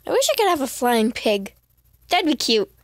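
A woman streaming a game, chatting casually in a giggly, excitable, rambling way while sounding sick. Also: high voice, normal speed, dry recording, studio quality. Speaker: gamer streamer. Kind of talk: casual live-stream commentary.

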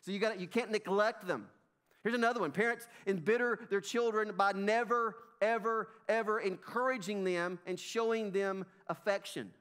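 A middle-aged man preaches with a Southern US accent, his voice pitched notably high for a man. He speaks emphatically, repeats phrases and calls out to the congregation as folks. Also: normal speed, a bit bright, clean tone. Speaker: pastor. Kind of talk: sermon. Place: church sanctuary.

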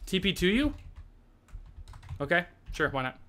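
A man co-hosting a video game let's play, chatting casually, rambling and jumpy, quick to panic. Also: high voice, sing-song, bright, forceful tone. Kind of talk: casual gameplay chat.

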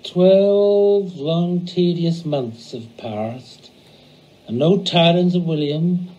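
A man's voice: a little high, very slow, warm tone, muffled recording. A man voicing a grieving young wife who speaks in a plaintive, melodramatic lament.

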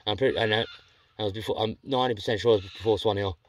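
Fast-talking Australian man telling a rambling story. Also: on the low side, fairly even intonation. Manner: rambling, self-correcting, blunt and sweary. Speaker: vlogger. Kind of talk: casual storytelling.

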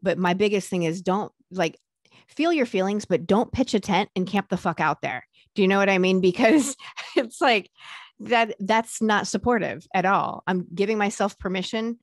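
A woman with a fairly low voice speaks frankly and earnestly in a candid interview, often pausing on fillers. The sound is dry and close, with no room echo. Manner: earnest, frank, with casual swearing and frequent fillers.

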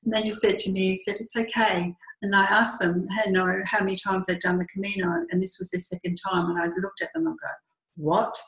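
A woman's voice: mid-range voice, fairly even intonation, brisk, a bit bright. A middle-aged woman from Western Australia with an Australian accent, a group tour leader earnestly telling a personal story and acting out the dialogue. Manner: earnest, reflective, acts out quoted dialogue. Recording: echoey room.

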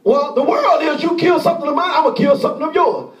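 Delivering a sermon with great passion, this male pastor frequently shouts and voices the pleading of the people in his story. He speaks quickly in a very high voice, far from the mic, with lots of reverberation.

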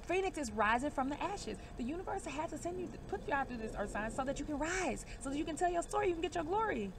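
A woman's voice: high voice, big pitch swings, fast talker, noisy background. A woman giving a casual card reading to camera, emphatic and reassuring, calling her viewers y'all and baby. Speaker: divination reader.

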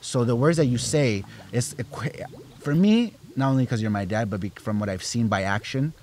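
A young man speaking as a guest on his father's podcast, reflective, with many fillers, and growing animated as he goes on. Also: medium pitch, moderate pace, slight background noise. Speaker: podcast guest, host's son. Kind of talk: casual family podcast chat.

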